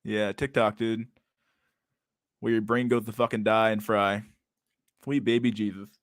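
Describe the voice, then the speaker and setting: A man's voice: fairly low pitch, little pitch movement, unhurried, no room sound, studio quality. A young man reacting to videos in casual, profane commentary, incredulous and sarcastic, who keeps calling people dude. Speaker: stream host reacting to videos.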